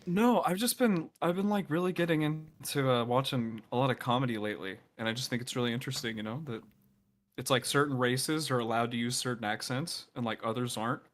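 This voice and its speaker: A groggy man rambles through his answers with plenty of hesitations on an online panel. His voice sits at a middle pitch. It is loose, casual chat. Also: a little fast. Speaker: panelist, YouTuber.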